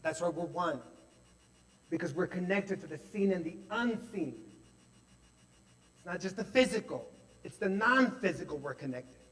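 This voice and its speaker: A man giving a testimonial sermon at a spiritual center, telling his story animatedly with many fillers and dropping to a hush for quoted voices. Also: high-pitched. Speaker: speaker at a spiritual center service. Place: large hall at a spiritual center. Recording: long hall reverb.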